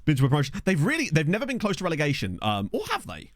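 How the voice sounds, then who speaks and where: A man's voice: a little high, huge pitch swings, racing. A man streaming a game, chatting casually and thinking aloud as he talks to his viewers. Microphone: desk microphone.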